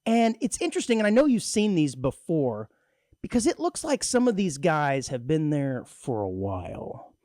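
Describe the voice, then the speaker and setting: Man co-hosting radio, animated pitch, joking, laughs a lot, dry close sound. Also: normal speed, dry recording. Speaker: radio co-host. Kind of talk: casual comedic chat. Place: radio studio.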